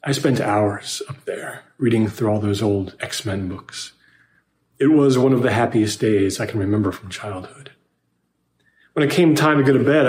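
A man with a lowish voice tells a scary story in the first person, reading at a measured pace. His voice carries a noticeable roomy echo. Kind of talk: scripted horror narration.

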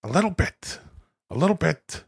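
A man putting on a gruff older movie star's voice, mumbling and repeating one short phrase again and again. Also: fairly high pitch, big pitch swings, normal speed, full character voice. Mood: insistent. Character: gruff older male film star impression.

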